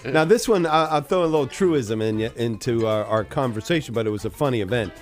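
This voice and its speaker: A man's voice: medium pitch, expressive, fairly quick, music in the background. A man co-hosting a radio show, trading jokes in playful banter and chuckling often. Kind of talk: joke-telling radio banter. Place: radio studio.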